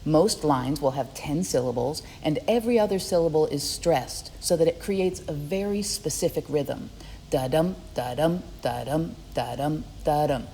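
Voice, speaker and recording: A woman teacher narrating a scripted poetry lesson, explaining clearly in a friendly way. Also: low voice, lively intonation, normal speed, few pauses, warm tone, big-room sound, a little hiss or hum. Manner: clear, friendly explaining, reads rhythm examples aloud.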